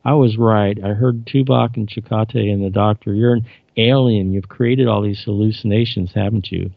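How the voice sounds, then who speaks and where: A man reading the part of a resolute starship captain woman, gravelly low voice, plain read-aloud delivery, dull dry lo-fi sound. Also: steady tone, normal speed, no echo. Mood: defiant.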